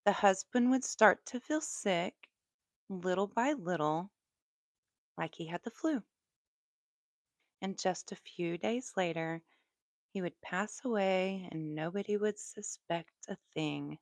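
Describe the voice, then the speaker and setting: A Southern American woman tells true crime stories on a live stream, chatty and unhurried. Her voice sits a little low and she takes her time. The sound is close and dry. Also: dry recording. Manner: relaxed, chatty, with asides. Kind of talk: live storytelling.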